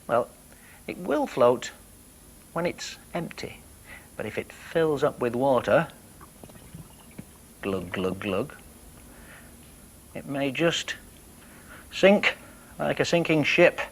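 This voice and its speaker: Gentle man presenting for children. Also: on the high side, expressive, slow, gravelly, long pauses, slight background noise. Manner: gentle, playful, talks to young viewers.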